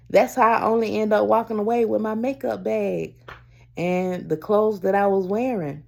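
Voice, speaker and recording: A woman vlogger telling a personal story to camera in a rambling, halting way, often calling her viewers y'all and breaking off to restart. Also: mid-range voice, steady tone, gravelly, a little mellow. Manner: restarts and trails off.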